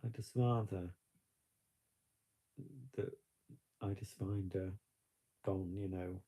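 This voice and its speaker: A man's voice: sits low, steady tone, takes it slowly, warm tone, breathy edge. A man chatting on a live stream, reflective and rambling with many fillers, tearful at times. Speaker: vlogger. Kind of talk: casual live-stream chat.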